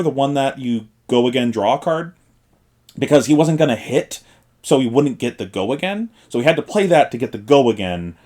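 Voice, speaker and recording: A man casually telling the story of a card game tournament, animated and full of filler words. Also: mid-range voice. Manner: animated, acts out quotes, lots of fillers like "like" and "uh".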